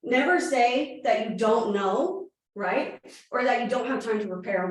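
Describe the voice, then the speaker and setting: A woman in her thirties with a rather high voice delivers a fast-talking, energetic real estate training presentation in a meeting room, quizzing the audience as she goes. The recording is very echoey and captured from a distance.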